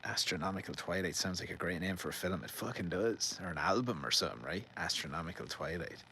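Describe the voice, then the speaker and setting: A man's voice: low voice, lively intonation, quick pace, sharp tone, slight background noise. An Irish man live-streaming from a garden outdoors, rambling and joking as he reads out viewer comments. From Ireland. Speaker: livestream host. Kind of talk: casual live-stream chat.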